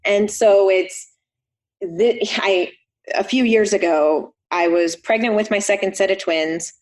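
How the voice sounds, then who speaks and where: A woman's voice: mid-range voice, measured pace. A middle-aged woman, a chiropractor guest on a podcast, telling a personal story in an earnest way. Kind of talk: casual conversation.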